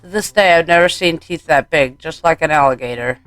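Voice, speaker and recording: A man's voice: on the high side, brisk, fairly bright tone, dry recording, faint music behind, close to an everyday voice. A man reading the part of a doting, unsettling woman in a horror game, full of sugary pet names. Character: doting, unsettling adult woman, motherly, obsessive.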